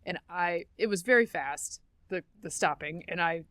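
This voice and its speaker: A woman's voice: fairly low pitch, normal speed, a bit bright, no echo, studio quality. A middle-aged woman co-hosting a podcast, telling stories in a chatty way, laughing easily and correcting herself. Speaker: podcast co-host. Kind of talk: casual chat.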